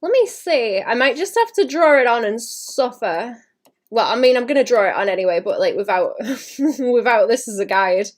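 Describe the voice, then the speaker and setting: A young woman talks loosely to her livestream audience while she works on a drawing. Her voice sits a little high. She mutters half to herself and keeps stopping to clear her throat. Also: lively intonation, moderate pace. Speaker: artist livestreaming. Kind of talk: casual streaming chat while drawing.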